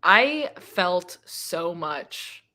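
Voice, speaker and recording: A woman's voice: fairly low pitch, very animated, very slow, bright, forceful tone. A woman guest in a casual book discussion, emotional and rambling with many restarts and fillers.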